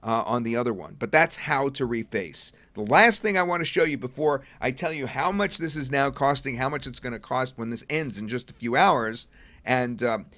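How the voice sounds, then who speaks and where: A middle-aged man at his computer walks viewers through a software demo in an easygoing, talkative way, thinking out loud as he goes. His voice sits at an average pitch and is recorded dry and close. Keys clack now and then in the background. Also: expressive, moderate pace, dry recording. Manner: chatty, thinks aloud while clicking. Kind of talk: casual webinar walkthrough. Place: at a computer desk.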